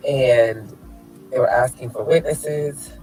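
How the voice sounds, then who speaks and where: A man's voice: mid-range voice, slow, dark tone, low-quality recording. A man rants to his phone camera outside a building, flamboyant and theatrical, dripping with mockery. His voice sits in an ordinary middle register. Faint music plays underneath. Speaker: activist filming a street vlog. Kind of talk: casual rant to camera. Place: outdoors in front of a building.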